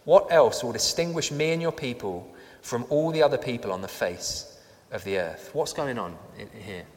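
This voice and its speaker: A man's voice: medium pitch, lively intonation, moderate pace, darkish tone. Man preaching in a reverberant church. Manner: emphatic, repeats lines for effect, reads scripture aloud. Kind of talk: sermon.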